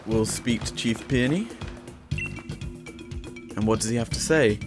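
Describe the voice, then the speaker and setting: A man's voice: on the low side, unhurried, pauses often. A man giving casual gameplay commentary as host and reading the on-screen dialogue aloud between his comments. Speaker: gaming channel host. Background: game music.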